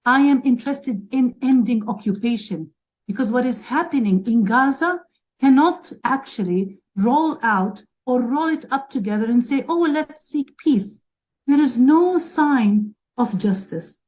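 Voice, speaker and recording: A woman's voice: on the high side, expressive, unhurried, a little mellow, rough recording. A woman from Palestine speaking as a webinar panelist, emotional and urgent as she argues for advocacy. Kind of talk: impassioned advocacy talk.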